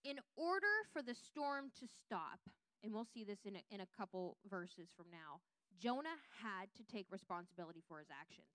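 A woman teaching a Bible lesson, reading scripture aloud with lively voiced quotes and checking in with her listeners. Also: mid-range voice, moderate pace, clean tone, no echo.

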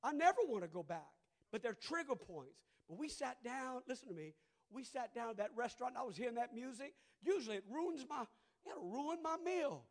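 A middle-aged man with a Cajun Louisiana accent preaching a sermon, moving between soft conversational asides and loud, drawn-out preaching. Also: very high-pitched, expressive. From southern Louisiana. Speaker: pastor.

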